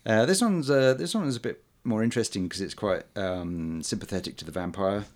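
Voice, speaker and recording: Deep-voiced man rambling about old films. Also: a little mellow. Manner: halting, many ums and uhs, chuckles often. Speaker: podcast host reviewing old films. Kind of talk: casual chat.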